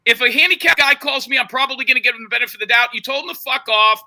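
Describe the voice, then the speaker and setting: A man with a very high, sharply bright voice, pressing on through a heated argument. He retells a story insistently and keeps demanding to finish over the interruptions. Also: steady tone, rapid-fire, rough recording. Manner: insistent, talks over others, retells calls with quoted voices. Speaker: show host under confrontation.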